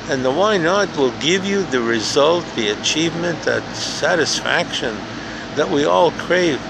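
Gravelly older man telling a story. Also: on the high side. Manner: earnest, repetitive, builds to emphatic rhetorical questions. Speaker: podcast host. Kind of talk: motivational storytelling monologue. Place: outdoors in a park. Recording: faint outdoor background noise.

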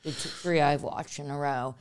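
A woman's voice: deep voice, fairly even intonation, normal speed, clear, resonant tone. A woman hosting a comedy podcast, chatting in a rambling way and laughing often. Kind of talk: casual podcast chat.

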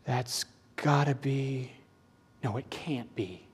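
A man's voice: a little high, wildly swooping pitch, takes it slowly, slightly rough, exaggerated voice. A man doing a stunned, gossiping angel. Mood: astonished. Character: awestruck gossiping angels, male-voiced.

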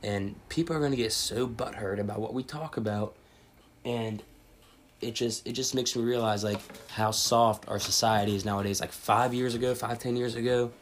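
A young man hosting a casual podcast, rambling and swearing through animated chat among friends. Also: medium pitch, moderate pace, slight background noise. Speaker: podcast host.

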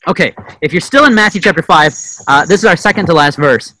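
A young adult man giving a conversational sermon, often asking "right?" and acting out quotes with sudden loud bursts. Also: on the high side, quick pace, slight background noise, poor audio. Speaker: preacher. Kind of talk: informal sermon teaching.

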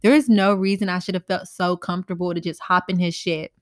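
A young woman in her twenties hosts a casual storytime podcast from her bedroom, speaking candidly in slangy, profane language and giving quoted people animated voices. Her voice is fairly low and a little fast, with dry, clean studio sound.

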